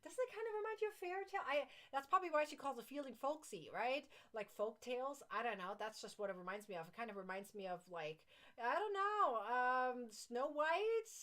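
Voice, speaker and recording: Non-native English speaking woman, crochet livestream host. Gushy, excitable, giggly. High voice. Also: fairly quick. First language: not English. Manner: gushing, excitable, laughs often. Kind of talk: casual chat reading viewer comments.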